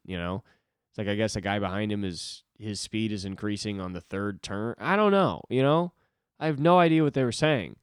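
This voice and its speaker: A man's voice: on the low side, smooth, dry recording, clean studio sound. A young man hosting a solo podcast, rambling casually with lots of swearing and self-deprecating asides.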